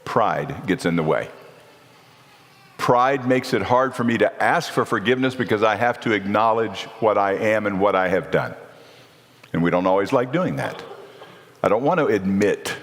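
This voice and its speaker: A man's voice: fairly low pitch, lively intonation, normal speed. A middle-aged man giving a sermon at a marriage seminar in a church, speaking earnestly and conversationally and often asking his listeners questions. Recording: long reverb of a church hall.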